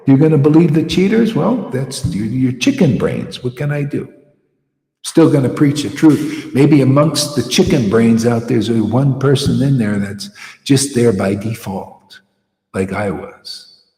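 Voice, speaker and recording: A man giving an informal, animated devotional sermon, often scornful and laughing as he preaches. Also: mid-range voice, a little slow. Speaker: spiritual teacher. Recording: echoey room with long reverb.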